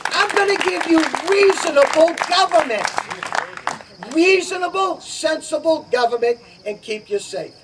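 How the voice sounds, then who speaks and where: A man's voice: extremely high pitch, lively intonation, measured pace, a crowd in the background, noisy background. A middle-aged man giving an emphatic, repetitive campaign speech outdoors at a party. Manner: emphatic, repetitive, punchy promises. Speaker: political candidate. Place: outdoor summer garden party. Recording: distant outdoor recording, crickets.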